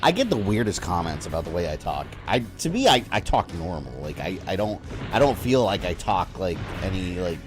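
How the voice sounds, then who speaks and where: Over background music, a low-pitched, very animated Floridian talks fairly quickly with hardly any pauses. He is streaming a video game, rambling in casual chat and swearing now and then.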